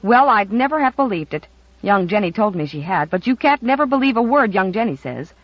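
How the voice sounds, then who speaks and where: Storybook character: reader voicing a nosy, scolding old grandmother, blunt and lively, dry, dull audio. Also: mid-range voice, a little fast, dry recording. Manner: sharp, critical, blunt.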